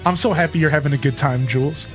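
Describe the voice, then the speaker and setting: Chatty streamer telling a story, middle voice, soft music in the back. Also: medium pitch, fast. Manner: chatty, loose, greets chat by name. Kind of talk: casual live-stream chat and storytelling.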